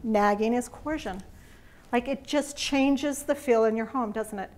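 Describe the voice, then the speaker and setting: A woman with a somewhat high voice leads a faith-based parenting lesson. She talks in an earnest, heartfelt, conversational way to a group in a meeting room. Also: measured pace, a little mellow. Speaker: parenting class teacher.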